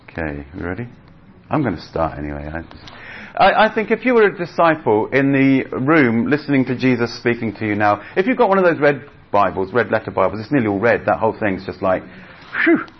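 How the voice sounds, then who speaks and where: A man's voice: medium pitch, sing-song, a little fast. A man preaching a sermon in a chatty, conversational way, acting out voices as he retells stories. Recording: slightly dull audio with faint background noise.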